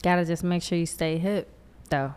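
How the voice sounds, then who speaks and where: Low, smooth-voiced woman chatting. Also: normal speed. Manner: relaxed, agreeable, slangy. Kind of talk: casual chat.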